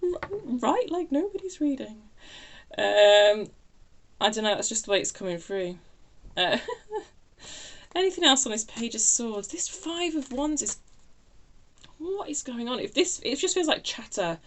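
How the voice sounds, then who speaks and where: A woman's voice: a little high, very animated, normal speed, a bit bright. A woman giving a casual tarot reading, chatty and self-interrupting, laughing at her own remarks. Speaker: tarot reader.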